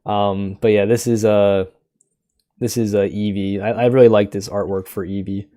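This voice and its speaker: A man's voice: fairly low pitch, little pitch movement, moderate pace, warm tone, no echo, clean studio sound. A man casually retelling a book scene on a group podcast, laughing often and swearing as he goes. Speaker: podcast co-host.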